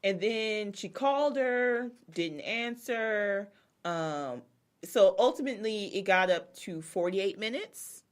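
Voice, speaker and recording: A woman's voice: medium pitch, lively intonation, slow pace. A woman co-hosting a casual gossip chat, retelling stories with lots of fillers and quoted asides. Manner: chatty storyteller, lots of fillers and quoting. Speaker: podcast co-host.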